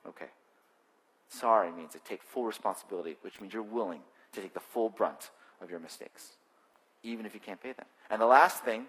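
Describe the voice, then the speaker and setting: A male pastor preaching a sermon, lively and acting out quoted voices, swinging between loud bursts and hushed asides. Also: mid-range voice. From New England. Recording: long hall reverb.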